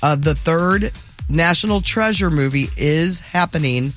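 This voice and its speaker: Brief: male radio host, teasing and chatty, a bit high-pitched, faint music under him. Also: a little slow, a bit bright. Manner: chatty, teasing, laughs often. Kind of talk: casual morning show chat.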